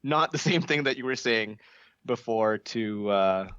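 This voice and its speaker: A man's voice: mid-range voice, expressive, a little slow, a bit bright, clean tone, no echo, muffled recording. A man co-hosting a podcast, talking casually with lots of restarts and fillers. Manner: hesitant, many restarts and fillers. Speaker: podcast co-host. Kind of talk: casual discussion.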